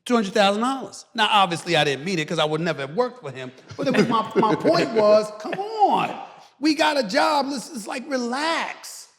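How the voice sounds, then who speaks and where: A middle-aged man as a guest commentator, talking loudly and emphatically on a podcast. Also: high voice, moderate pace. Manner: loud, animated, preacher-like emphasis. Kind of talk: emphatic podcast interview talk. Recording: reverberant room.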